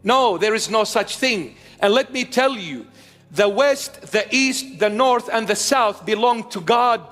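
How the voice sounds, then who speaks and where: A man in his fifties preaching a sermon in a high voice, slow and emphatic, returning to his key lines again and again. His words ring out in a long hall echo. Faint music sits beneath him. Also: expressive, fairly bright tone.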